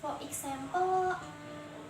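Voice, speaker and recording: A woman's voice: high voice, steady tone, over music. A young woman playing a patient helpful friend. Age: young adult. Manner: explanatory, slow, plain non-native English. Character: helpful young female friend explaining a lesson. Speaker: student. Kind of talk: amateur student drama. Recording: echoey room, far from the mic, noisy.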